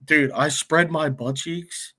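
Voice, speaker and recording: A man's voice: on the high side, fairly even intonation, takes it slowly, bright, forceful tone. Rambling, profane young guy telling a story. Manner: rambling, profane, lots of "like" and "dude". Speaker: guest. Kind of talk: casual storytelling chat.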